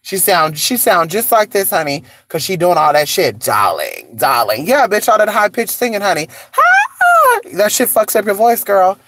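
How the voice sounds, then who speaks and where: A vlogger in a casual gossip chat outdoors in the cold, sassy and animated, calling listeners honey and girl. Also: medium pitch, normal speed, hardly any pauses, background noise.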